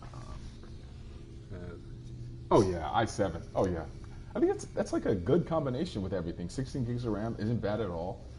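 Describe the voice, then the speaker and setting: A man with a deep, low voice chatting his way through a live game stream. He is relaxed and rambling, answering viewers' comments as they come in. A faint hiss sits behind him. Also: normal speed, long pauses. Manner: easygoing and rambling, answering chat as he plays.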